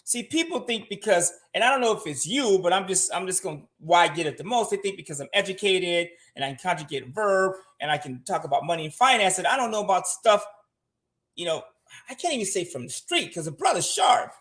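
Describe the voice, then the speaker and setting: A man's voice: high-pitched, very animated, a little fast, a bit bright. A man talking frankly in casual livestream style, swearing freely and answering viewer comments from his home. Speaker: guest on a finance show. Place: home room.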